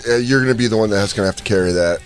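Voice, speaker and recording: A man's voice: on the low side, racing. A man hosting a comedy podcast, coaching others on voices and laughing a lot. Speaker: podcast host. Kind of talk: casual comedy podcast banter.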